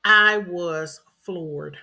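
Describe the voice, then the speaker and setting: A woman's voice: on the low side, very slow, pushed and bright. A middle-aged woman, earnestly telling a personal story as a podcast host and repeating phrases for emphasis.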